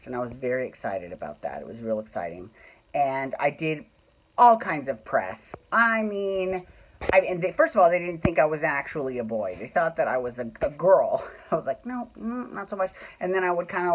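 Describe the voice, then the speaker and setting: A man's voice: on the high side, highs cut off. A man telling a personal story in a casual, chatty way, swearing freely and acting out what people said. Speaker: storyteller host.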